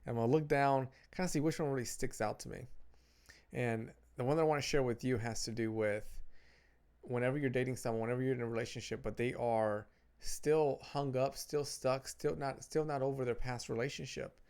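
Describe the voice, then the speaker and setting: Gravelly-voiced man giving earnest advice. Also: medium pitch, fairly even intonation, fairly quick, a little mellow. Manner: earnest, repeats words and restarts phrases while reading notes. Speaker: relationship advice vlogger. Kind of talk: casual advice talk to camera.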